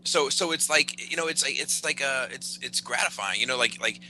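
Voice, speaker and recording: A man co-hosting a casual podcast, halting and restarting often, with fillers and swearing. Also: medium pitch, bright, forceful tone, slight background noise, low-quality recording. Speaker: podcast co-host.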